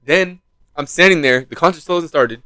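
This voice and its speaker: Young guy podcast host, telling a story, jumps way up in pitch for quotes, dry close sound. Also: normal speed, clear, resonant tone, no room sound. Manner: animated, acts out quotes with big pitch jumps, swears freely. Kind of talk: casual storytelling chat.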